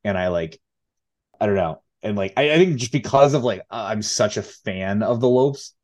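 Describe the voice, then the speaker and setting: Laid-back young man, low voice. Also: lively intonation, moderate pace, a little mellow. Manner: laid-back, filler-heavy, laughs often. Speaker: podcast co-host and high school tennis coach. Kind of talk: casual storytelling chat.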